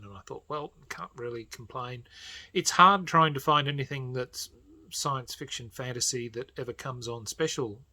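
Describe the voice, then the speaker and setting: Husky man rambling through book picks. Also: medium pitch. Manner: rambling, many fillers, voice often trails off quietly. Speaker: channel host. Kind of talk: casual book recommendations.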